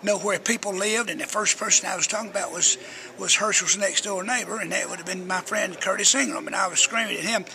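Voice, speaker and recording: A man's voice: sits high, steady tone, quick pace, vocal fry, pushed and bright. An older man, a radio personality telling rambling, folksy stories as an interview guest. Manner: folksy, chatty storyteller who acts out quotes.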